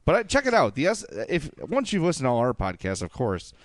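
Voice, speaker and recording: A man co-hosting a sports podcast, chatting casually and ranting with animated jokey asides. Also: mid-range voice, brisk, no echo. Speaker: podcast co-host.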